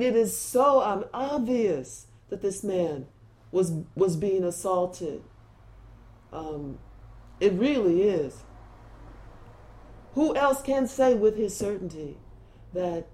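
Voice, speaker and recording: A woman giving an impassioned spoken address, earnest and deliberate, pausing often and restarting phrases. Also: mid-range voice, animated, mellow.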